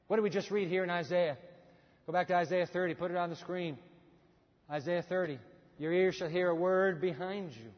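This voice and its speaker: A man's voice: sits high, normal speed. A man preaching a sermon as a pastor, telling a story with animation and acting out dialogue. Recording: dull sound, hall reverb.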